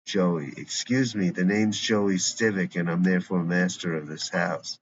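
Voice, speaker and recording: A blunt, grumbling middle-aged father who suspects everyone, as a man reads him. The voice sits very low, and the recording is dull and lo-fi with a faint hiss behind it. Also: fairly even intonation, measured pace. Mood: gruff. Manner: gruff, blunt.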